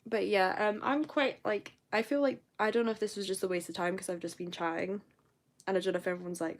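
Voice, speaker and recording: A woman's voice: medium pitch, expressive, quick pace. A young woman with a posh southern English accent, chatting casually and rambling as host of a live stream. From southern England.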